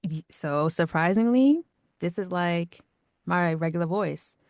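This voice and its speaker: Calm low-voiced woman, chatty. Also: measured pace, no room sound, studio quality. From Long Island and Georgia. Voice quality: calm, natural speaking voice. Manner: chatty, lots of "like" and "you know". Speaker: radio producer and voice actor. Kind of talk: casual interview answers.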